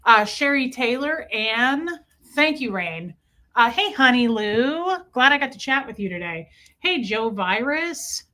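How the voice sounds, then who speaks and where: A woman hosting a casual livestream from home, greeting viewers by name with quick, chatty asides. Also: fairly high pitch, bright, forceful tone. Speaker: livestream host. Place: room at home.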